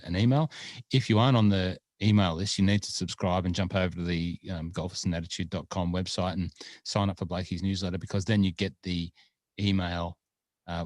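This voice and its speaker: A man's voice: low-pitched, no room sound, studio quality. A man co-hosting a golf podcast in casual chat, rambling with many fillers and restarts.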